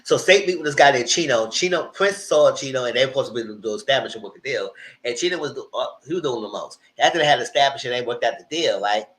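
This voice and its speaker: Animated man recapping TV episodes. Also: mid-range voice, fast. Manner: animated retelling that acts out the characters' lines. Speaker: TV show reviewer. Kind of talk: casual live TV recap.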